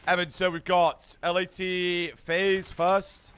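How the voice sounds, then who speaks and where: A man's voice: high-pitched, level tone, slow pace, fairly bright tone, clear, resonant tone. A young British man streaming a watch party, chatting casually with his viewers, brash and full of swearing. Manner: brash, swears a lot, banters with chat.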